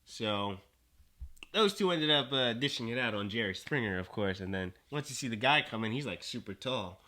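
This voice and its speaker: A man's voice: medium pitch, animated, normal speed, sharp tone. A man as a podcast guest in casual chat, hesitant and rambling with many fillers.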